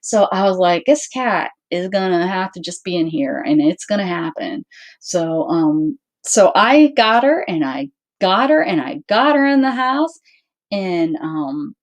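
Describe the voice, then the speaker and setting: A woman's voice: fairly low pitch, unhurried. A woman hosting her own channel, casually telling a story to her viewers, acting out what everyone said and restarting her sentences often. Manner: animated, acts out quoted dialogue; rambling with frequent restarts. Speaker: channel host.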